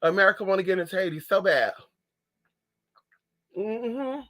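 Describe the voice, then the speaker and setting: A man hosting a casual livestream, reading chat, sassy and animated, calling viewers honey and girl. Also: high voice, normal speed.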